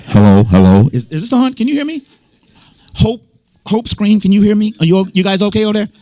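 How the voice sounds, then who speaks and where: A man's voice: high voice, animated, fairly quick, darkish tone, no room sound. An American man preaching a sermon as a bishop, emphatic and repetitive, restating each point and bantering with the congregation. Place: church service. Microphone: microphone.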